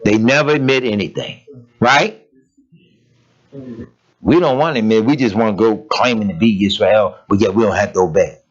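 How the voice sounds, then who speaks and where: A man's voice: on the low side, moderate pace, pauses often. A man preaching a sermon, driving his points home with blunt, emphatic rhetorical questions and casual, plain-spoken phrasing. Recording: dull lo-fi recording.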